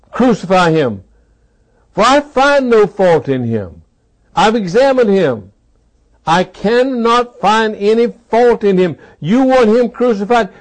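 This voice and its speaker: A man's voice: high-pitched, full character voice. A man preaching, voicing an exasperated Roman governor who pleads with a crowd and emphatically repeats himself.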